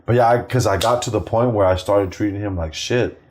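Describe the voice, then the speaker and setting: A middle-aged male comedian telling profane, animated family stories, acting out the voices of the people in them. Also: on the low side, brisk, slight background noise. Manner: animated, acts out quoted voices, swears freely. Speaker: stand-up comedian, guest. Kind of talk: profane anecdotal storytelling.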